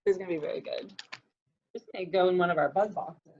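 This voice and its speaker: A middle-aged woman, a librarian, chatting casually while unboxing books, friendly and quick to laugh. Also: fairly low pitch, gravelly, slight background noise. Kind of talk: casual book unboxing chat. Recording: muffled lo-fi sound.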